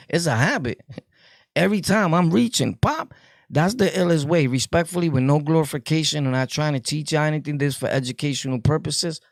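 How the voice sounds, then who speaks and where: Gravelly New York man telling street stories. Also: a little high, fairly quick, no room sound, studio quality. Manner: street slang, laughs often, jokey asides. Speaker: streamer telling prison stories. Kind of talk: casual storytelling to viewers.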